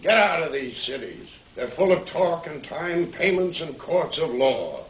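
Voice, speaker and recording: An actor playing a confident, brusque rich adventurer who speaks in clipped, commanding phrases. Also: male voice, fairly high pitch, very animated, measured pace. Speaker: wealthy adventurer brother. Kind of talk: film drama acting. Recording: roomy echoing sound.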